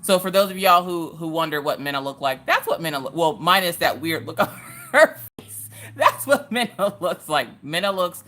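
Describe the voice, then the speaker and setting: A woman's voice: lowish voice, lively intonation, moderate pace, fairly bright tone. A woman, chatting casually with her livestream audience from her couch at home while she crafts, laughing often and greeting viewers by name. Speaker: livestream host.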